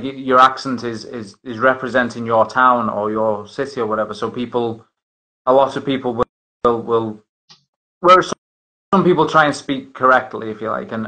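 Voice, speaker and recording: A man's voice: mid-range voice, sharp tone, poor audio. A man hosting a casual chat, rambling with many restarts and fillers. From northern England. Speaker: host.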